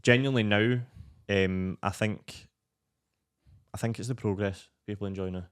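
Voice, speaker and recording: A man's voice: fairly low pitch, moderate pace, smooth. A young man with a Scottish accent, a podcast guest telling rambling, sweary stories in casual chat. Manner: rambling, sweary, animated storytelling.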